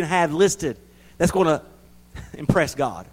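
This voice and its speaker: Preacher guy, folksy, gets loud then drops real low, repeats stuff for punch. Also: expressive, slow pace, pauses often, breathy edge, rough recording. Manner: swings between loud emphatic bursts and low quiet asides; folksy, repeats words for emphasis. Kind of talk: sermon.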